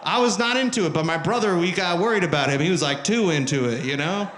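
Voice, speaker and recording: A man's voice: sits high, fast talker, a little hiss or hum. Brash young man doing stand-up in a club. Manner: crude, self-mocking, shouts at the crowd, loud mocking put-on voices. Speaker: stand-up comedian. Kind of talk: stand-up comedy set. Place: comedy club stage. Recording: roomy live club sound. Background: crowd laughter.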